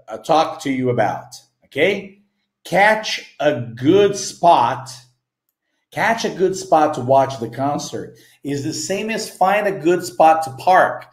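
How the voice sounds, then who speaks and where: Brazilian man as English teacher, slightly high voice with a lively, rising and falling pitch. He speaks slowly, checks in often, and sounds echoey in the room. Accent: Brazilian Portuguese. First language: Portuguese. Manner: slow, repeats phrases, checks in with "okay?" and "right?". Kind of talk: explaining a story lesson.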